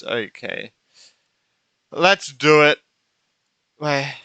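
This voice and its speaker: A man streaming a game in casual chat, out of breath, reacting excitably and swearing. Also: mid-range voice, slow, long pauses, clean tone, no echo. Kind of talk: casual live-stream chat while gaming.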